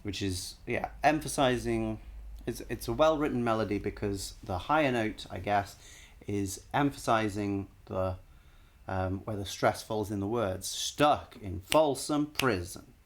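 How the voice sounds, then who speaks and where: A man's voice: on the low side, a little slow. A man analyzing a song on a live stream, casually singing short bits of melody to show the notes and often stopping to correct himself.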